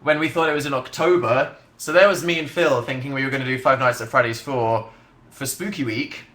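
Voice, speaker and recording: A man's voice: mid-range voice, steady tone, fairly quick, a bit bright. Dry, chatty young man in an echoey room. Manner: chatty, dry and self-mocking, hums to himself. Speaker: livestream host. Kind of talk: casual livestream chat reading viewer comments.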